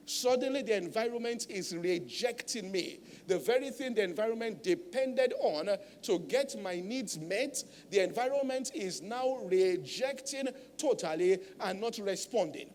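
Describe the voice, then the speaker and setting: High-voiced man preaching in a hall. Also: expressive, a little slow, hardly any pauses, darkish tone, a little hiss or hum. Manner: emphatic teaching, tag questions like "all right?". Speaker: pastor. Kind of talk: sermon.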